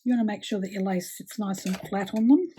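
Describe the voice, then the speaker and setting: A woman's voice: medium pitch, quick pace, dark tone, slight background noise. A woman chatting casually with lots of fillers while she demonstrates a craft project with her hands. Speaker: craft tutorial host.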